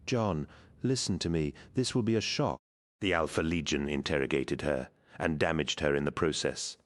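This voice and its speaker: A man's voice: a bass voice, normal speed. A man voicing a blunt adult male soldier, terse and urgent. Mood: grave.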